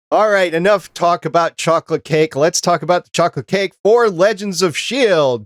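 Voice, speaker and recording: A man's voice: on the high side, no room sound, clean studio sound. A man hosting a casual podcast chat, talking in an easygoing, rambling way. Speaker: podcast host.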